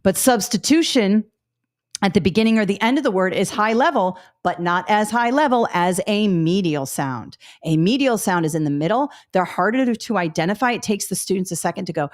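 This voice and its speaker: A woman's voice: mid-range voice, lively intonation, brisk. A woman teaching a live webinar as a test prep instructor. She talks upbeat and models speech sounds with drilled repetition, checking in with listeners often.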